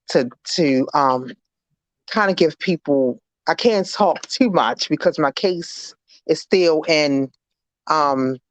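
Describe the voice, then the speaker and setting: A woman, a guest on an interview show, recounting a personal ordeal in earnest, halting, faith-filled words. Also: low voice, dry recording. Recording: dry, dull lo-fi recording.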